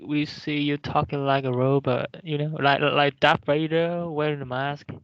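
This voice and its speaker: Man student, polite, hesitant, smooth dry voice, lo-fi call sound. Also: a little high, level tone, normal speed, fairly bright tone, no room sound. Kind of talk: casual classroom remark.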